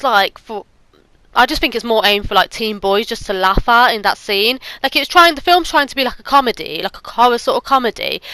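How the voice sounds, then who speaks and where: Bright, smooth woman rambling casually. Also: fairly high pitch, no echo, low-quality recording. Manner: rambling, halting, searching for words. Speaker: YouTube movie reviewer. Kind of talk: casual spoken movie review.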